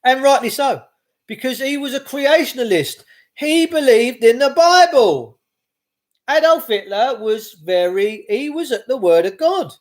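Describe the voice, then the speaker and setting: Man, middle-aged, high-pitched, rambling, impassioned, repetitive. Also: lively intonation, a little slow. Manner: impassioned, repetitive, with frequent restarts. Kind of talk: rambling monologue to camera.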